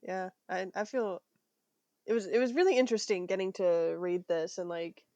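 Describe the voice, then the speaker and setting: A woman's voice: medium pitch, moderate pace, a little mellow, dry recording, highs cut off. A young adult woman co-hosting a podcast, chatting casually with many fillers and giggles. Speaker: podcast co-host.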